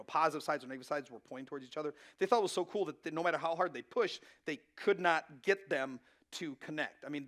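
A man's voice: a little high, fairly bright tone. A man in his thirties preaching a sermon as pastor, in a conversational way with frequent asides to the room. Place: church.

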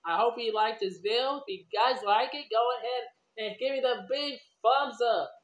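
A woman's voice: on the high side, normal speed. A woman vlogger telling a children's story, rambling loosely and talking to the kids as boys and girls. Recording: dull lo-fi recording.

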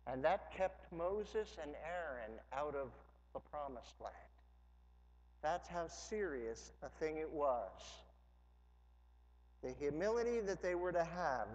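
A pastor, a man, delivering a sermon in a slow and deliberate way, his voice sitting a bit high for a man. He mixes easy, humorous asides with emphatic preaching. The recording is dull and lo-fi, with a long reverb from the church hall. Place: church sanctuary.

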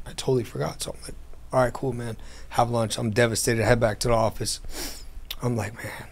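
Gravelly man telling a story. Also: medium pitch, brisk. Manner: animated, acts out quoted dialogue. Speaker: guest telling his business story. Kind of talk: casual storytelling interview. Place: airplane hangar.

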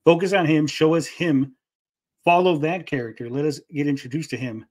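A man's voice: fairly high pitch, moderate pace, a little mellow. Laid-back chatty male stream host. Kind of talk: casual live-stream chat.

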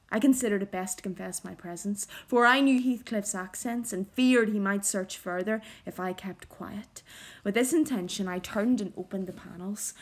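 A woman teacher with a medium-pitched voice reads a novel aloud and explains it, using a measured, expressive storytelling style.

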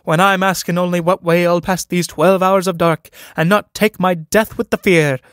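Spirited, teasing young country woman, read by a man; sharp and impatient, lifted voice. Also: high-pitched, steady tone, moderate pace, smooth, dry recording, studio quality, voice pushed up. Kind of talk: dramatic play reading.

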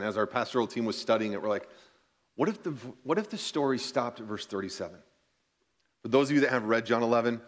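A pastor reading scripture aloud in church and reflecting on it in an earnest sermon, slowing down to stress key points. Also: male voice, medium pitch. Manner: earnest, reads scripture then reflects, slows for emphasis.

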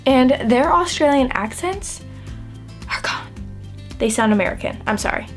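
A woman's voice: high voice, lively intonation, unhurried, long pauses, soft background music. A young adult woman chatting through a makeup routine, self-deprecating and filling her talk with "like". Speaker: beauty vlogger. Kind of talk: casual makeup tutorial chat.

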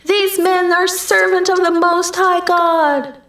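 A woman's voice: extremely high pitch, steady tone, slow pace, a bit bright, voice pushed up, heavily acted. A woman voicing a young slave girl who calls out insistently after two travellers, in a children's story. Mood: shouting. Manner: calling out repeatedly. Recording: roomy and distant.

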